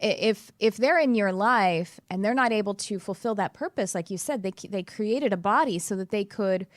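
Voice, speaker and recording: An earnest woman hosts a relaxed podcast conversation, often restarting her sentences as she thinks out loud. Her voice sits at a middle pitch, and the sound is dry and close, with no room echo. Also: normal speed. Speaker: podcast host. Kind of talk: casual conversational interview.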